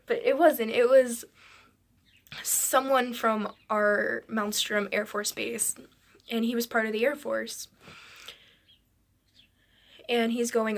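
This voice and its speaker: A woman's voice: on the high side, fairly even intonation, slow pace, pauses often, a bit bright. A woman narrating a dramatic personal story for a storytime vlog, rambling and breathless with many "I'm like" asides. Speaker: vlogger.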